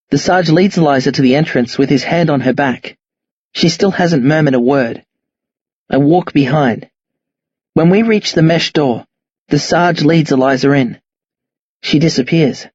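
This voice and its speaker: A man narrates a first-person novel in a measured, understated way. His voice is a touch high and husky. The recording is dry and somewhat dull. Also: no echo. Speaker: audiobook narrator.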